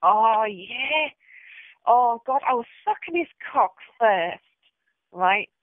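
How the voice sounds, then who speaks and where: A woman's voice: a little high, expressive, slow pace, dry recording. A woman leaving an abusive voicemail rant, foul-mouthed, taunting and hostile. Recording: tinny phone voicemail.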